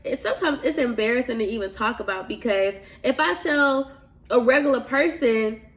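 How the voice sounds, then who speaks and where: A woman tells a personal faith story in an earnest, confiding way. She talks straight to her listeners. Her voice sits a little high. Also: normal speed, fairly bright tone. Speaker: podcast host. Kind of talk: faith testimony monologue.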